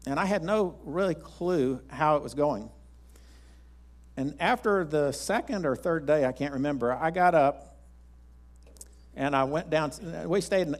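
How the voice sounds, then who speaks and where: A man pastor, preaching a sermon in a folksy, rambling storytelling way with frequent restarts. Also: on the high side.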